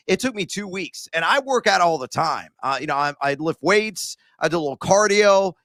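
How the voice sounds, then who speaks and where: Hosting a sports betting talk show, a Central Illinois man rambles through a casual, jokey chat peppered with "uh" fillers. His voice is on the high side with a fairly bright tone, recorded with no room sound.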